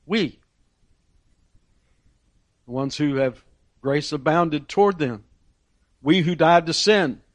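A man's voice: fairly high pitch, slow, pauses often, dry recording. A man preaching a sermon, asking rhetorical questions and repeating key phrases for emphasis.

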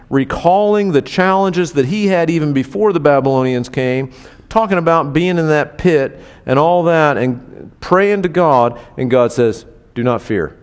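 A man preaching in a conversational style, animatedly acting out quoted voices with big swings in pitch. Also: in a large hall. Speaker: pastor. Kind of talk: conversational sermon.

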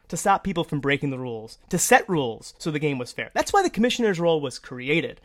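A woman co-hosting a sports talk show, her pitch swinging widely as she rants. She talks casually, stumbling through fillers and restarts and then pushing hard on her points. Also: a little fast. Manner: animated, ranting, many fillers and restarts. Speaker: podcast co-host.

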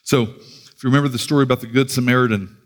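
A man's voice: mid-range voice, fairly even intonation, very fast. A man preaching a sermon in a conversational way, often repeating words and restarting phrases. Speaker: pastor. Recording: long reverb of a large hall.

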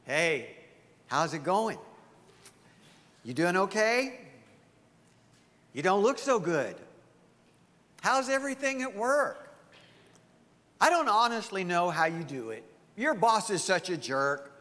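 A man's voice: high voice, very animated, takes it slowly, pauses often, pushed and bright, big-room sound, exaggerated voice. A man voicing Satan as a friendly, falsely sympathetic buddy who coaxes in a chummy tone. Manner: chummy, coaxing, falsely caring.

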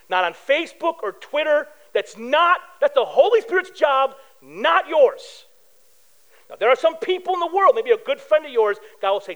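High-voiced animated male pastor. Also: poor audio. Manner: casual and conversational, tells personal stories; animated, acts out quoted voices. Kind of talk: sermon.

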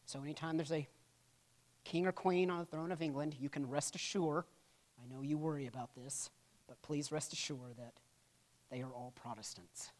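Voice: medium pitch, steady tone, moderate pace, darkish tone. A church history teacher giving a conversational classroom lecture, with humorous asides and frequent "right?" check-ins.

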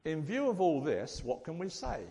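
A man's voice: on the high side, very animated, moderate pace, vocal fry, mellow, in a large hall. A man giving a chatty, joking church talk and addressing the congregation directly as lay preacher. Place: church hall.

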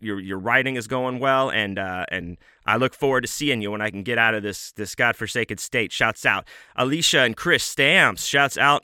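A man hosting his own podcast, talking in a laid-back, rambling way with plenty of fillers as he gives shout-outs. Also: medium pitch, clean tone, no echo, clean studio sound. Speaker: podcast host.

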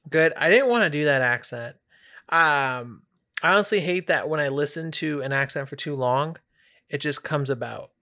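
A man's voice: fairly high pitch, normal speed, bright, forceful tone. A man co-hosting a podcast in casual chat, blunt and laid-back, swearing freely. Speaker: podcast co-host.

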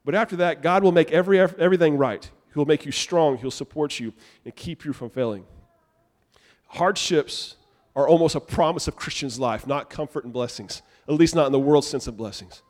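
A young adult man preaching a sermon to a church congregation in a casual, animated conversational way. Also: fairly high pitch, moderate pace. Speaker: pastor. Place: church sanctuary.

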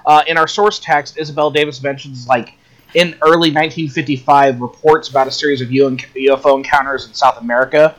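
A man's voice: mid-range voice, steady tone, fairly quick, a bit bright. A man co-hosting a podcast, telling a story in a rambling way with lots of fillers. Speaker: podcast co-host. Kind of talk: casual chat.

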